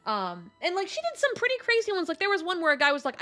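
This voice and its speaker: A young woman streamer telling a story in a casual chat, animated, laughing often and swearing casually. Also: high voice, fast, few pauses, soft background music.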